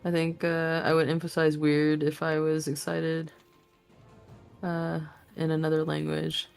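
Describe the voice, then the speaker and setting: A woman's voice: sits low, monotone, measured pace, creaky, a little mellow, clear, resonant tone, faint music behind. A woman chatting while gaming on a stream, giggling and teasing. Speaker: co-player. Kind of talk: casual game stream chat.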